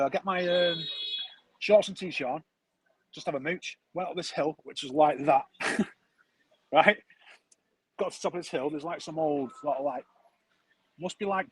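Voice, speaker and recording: A man's voice: fairly high pitch, husky, rough recording. A man, telling a rambling, chatty story full of slang as a streamer. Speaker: football streamer. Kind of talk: casual storytelling chat.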